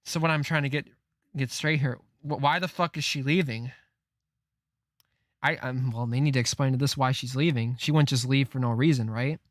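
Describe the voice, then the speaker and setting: A man reading a comic aloud on a live stream, reacting with disbelief and frequent swearing as he thinks out loud. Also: medium pitch, steady tone, normal speed, no echo, clean studio sound.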